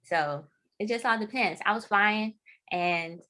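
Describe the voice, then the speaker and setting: A woman author being interviewed in a casual chat, a lively storyteller who laughs often. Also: medium pitch, unhurried. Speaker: author guest.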